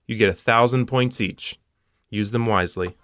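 A man's voice: fairly low pitch, normal speed, very noisy. A man hosting a puzzle show, walking through solutions step by step with dry punning asides.

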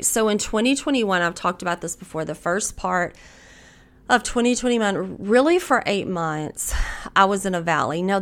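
A woman's voice: lowish voice, a bit bright, clean tone. A woman in her forties hosting a faith podcast, talking earnestly and conversationally to encourage her listeners. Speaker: podcast host.

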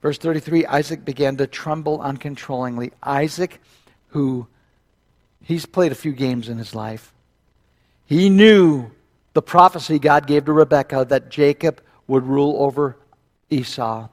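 A male pastor preaching in animated storytelling mode, his voice sitting slightly high. He retells scripture with quick asides and wry comments to the congregation. His delivery moves between narration and direct address. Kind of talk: sermon.

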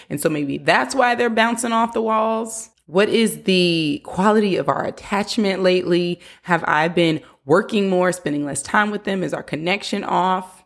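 A woman's voice: medium pitch, moderate pace, few pauses. A young adult woman hosting a parenting podcast, talking earnestly in a coaching way and sometimes acting out what a parent might say. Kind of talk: casual advice talk.

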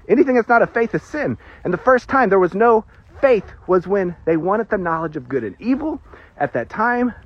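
A man preaching a sermon, animated and prone to nervous giggling as he explains scripture. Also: high-pitched, slightly rough. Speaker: pastor. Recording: dull lo-fi recording.

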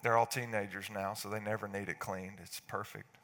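A man in his forties preaching a sermon, swinging from hushed asides to loud outbursts. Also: fairly low pitch, level tone, normal speed. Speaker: pastor. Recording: echoey hall.

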